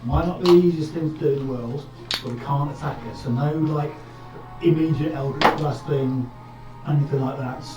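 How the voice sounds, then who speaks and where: A man's voice: a little high, fairly even intonation, moderate pace, far from the mic. A man player chatting casually while planning a move at a tabletop game, often repeating words as he starts sentences. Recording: roomy, from afar, music behind.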